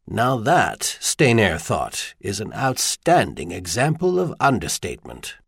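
A man reading an audiobook in scripted narration, measured and expressive. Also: lowish voice, vocal fry, husky, no echo, studio quality.

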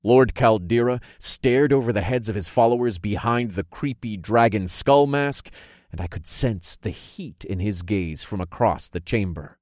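Lively low-voiced male audiobook narrator. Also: measured pace, dry recording, studio quality. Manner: expressive storytelling, voicing characters' lines. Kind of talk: first-person audiobook narration.

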